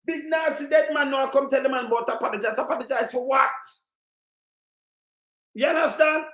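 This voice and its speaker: Ranting Jamaican man, high and roomy. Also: normal speed. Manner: ranting, repetitive, often shouting in Jamaican patois. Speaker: livestream commentator. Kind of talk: heated live news commentary.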